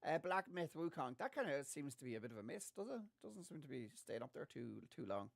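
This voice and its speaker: A man co-hosting a gaming chat show, voice a touch high with a gravelly edge. He tells lively stories in a loose, chatty way. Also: a little fast. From Ireland. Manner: chatty, animated storytelling with laughs. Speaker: podcast co-host. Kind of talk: casual chat.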